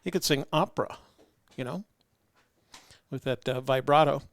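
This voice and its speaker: A man's voice: mid-range voice, fairly even intonation, quick pace, creaky, no room sound. A man hosting a casual livestream chat. He rambles in a friendly way, with lots of fillers and restarts. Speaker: host.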